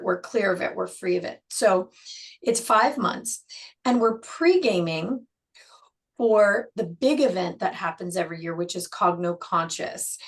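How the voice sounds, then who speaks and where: A woman guest talks in a measured, explanatory way and slows down to lean on her key words. Her pitch sits in an ordinary middle range for a woman, neither high nor low. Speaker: guest, program co-creator. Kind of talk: explanatory interview talk.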